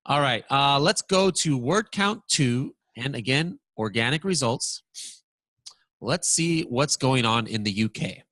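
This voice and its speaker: Guy walking thru software, bright voice, dry close mic, gets all excited and trips on words. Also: mid-range voice, unhurried, dry recording. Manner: excitable, animated, stammers when surprised. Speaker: presenter. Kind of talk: software walkthrough lesson.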